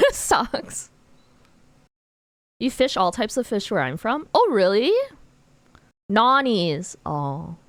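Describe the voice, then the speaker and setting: A woman's voice: mid-range voice, big pitch swings, slow pace, long pauses, a bit bright, dry recording. A woman streamer chatting casually with her viewers while drawing, giggling often and filling her talk with "like.". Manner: giggly, chatty, lots of "like" fillers; answers viewer chat questions.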